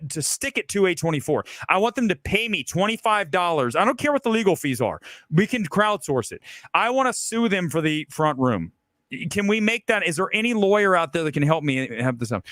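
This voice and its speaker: A combative male film host rants on a live stream in a high, restless voice that leaps up and down in pitch. He sounds aggressive and sure of himself. The sound is close and dry with no room around it. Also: no echo. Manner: loud, combative, opinionated ranting. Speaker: film talk show host. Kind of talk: ranting live-stream commentary.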